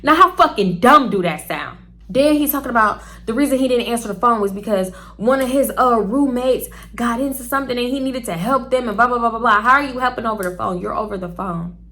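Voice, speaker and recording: A young woman vlogger telling a story in a blunt, profane, animated way. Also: on the high side, brisk. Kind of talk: casual storytelling.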